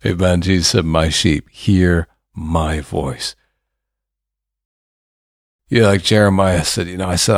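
A male preacher delivers a sermon in a low, deep voice, taking his time with long drawn-out pauses. He is fervent and builds to emphatic bursts. The sound is dry and close. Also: fairly even intonation, creaky, dry recording.

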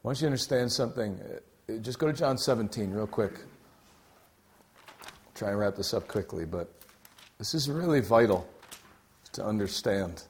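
A young adult man delivering a sermon with lively, shifting energy. He bursts out loudly on key points, then drops to a hushed, almost whispered tone. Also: fairly low pitch, moderate pace, long pauses. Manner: animated, swings from loud exclaiming to quiet near-whisper. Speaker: preacher.

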